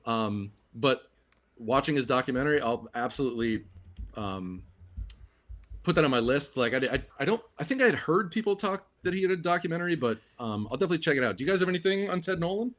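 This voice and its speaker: A man hosting a casual sports podcast on a livestream, his voice at an ordinary middle pitch. He thinks out loud, stopping and restarting with plenty of ums. The talk is relaxed and conversational. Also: fast talker. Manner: hesitant, lots of ums and restarts. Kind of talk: casual hockey podcast chat.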